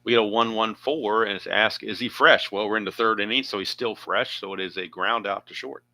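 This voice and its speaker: A man's voice: fairly low pitch, a little fast, pushed and bright, slight background noise. A man narrating his own tabletop baseball game play by play, chatty and thinking aloud with asides.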